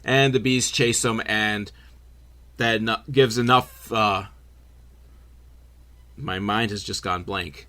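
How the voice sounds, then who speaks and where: A man's voice: fairly low pitch, steady tone, takes it slowly, pauses often, sharp tone. A man giving a sarcastic, profane comedic film recap, full of rambling asides. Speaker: comedy reviewer.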